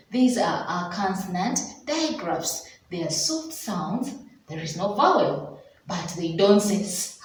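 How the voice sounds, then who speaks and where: Her voice is mid-range and sing-song: a Ugandan-accented preschool teacher telling children a story in a phonics lesson, pronouncing sounds slowly and drawing them out. The room echoes, and she is recorded off-mic from a distance.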